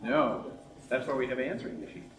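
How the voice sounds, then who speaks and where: A man's voice: medium pitch, a little fast, distant mic. Upbeat man presenter, echoey room. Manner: jokey, demonstrating, banters with co-presenter. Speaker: workshop presenter. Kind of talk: lunchtime workshop talk. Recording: echoey room with faint noise.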